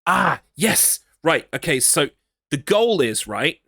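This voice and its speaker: A man's voice: on the high side, expressive, moderate pace, pushed and bright, no room sound, studio quality. An English man streaming a horror game, chatting casually and rambling, teasing himself as he reads his chat. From England. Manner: rambling, self-mocking, talks to himself.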